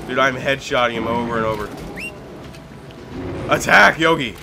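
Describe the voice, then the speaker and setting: A young man giving let's play commentary on a game, excitable and pleading loudly with his in-game pet bear. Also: mid-range voice, normal speed, creaky, noisy background. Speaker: gaming YouTuber.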